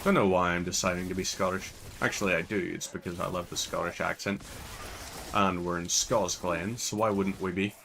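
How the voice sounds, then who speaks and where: A man's voice: low voice, steady tone, normal speed, creaky, a bit bright, a little hiss or hum. A man with a Northern Irish accent giving casual, rambling gameplay commentary as a channel host. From Northern Ireland. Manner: chatty, rambling digressions.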